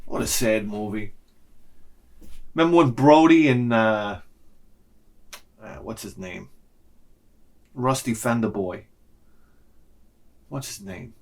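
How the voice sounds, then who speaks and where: A middle-aged male vlogger delivers a casual, comedic monologue in a lowish voice, speaking slowly with frequent pauses. His ranting is animated, and he slips into other people's voices to act out lines.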